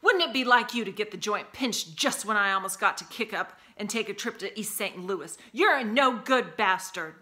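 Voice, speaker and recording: A woman's voice: medium pitch, lively intonation, normal speed, hardly any pauses, sharp tone. A woman voicing a furious drunken young woman who screeches and scolds in a storybook reading.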